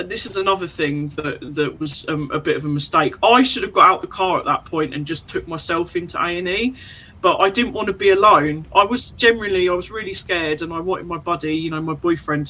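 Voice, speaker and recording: Woman guest, bright forceful voice, tells her story all animated, acts out what people said. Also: lowish voice, low-quality recording. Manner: animated, emotional retelling with quoted dialogue. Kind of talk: personal storytelling in an interview.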